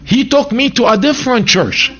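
A man's voice: very high-pitched, normal speed, lo-fi sound, noisy background. Egyptian-born man preaching his testimony. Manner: animated storytelling, broken grammar, voices quotes. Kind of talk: sermon testimony.

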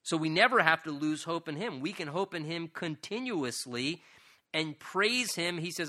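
A man's voice: high voice, lively intonation, fairly quick, pushed and bright. A man preaching a sermon, earnestly paraphrasing scripture in his own words and building to emphatic passages. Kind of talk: sermon on a psalm.

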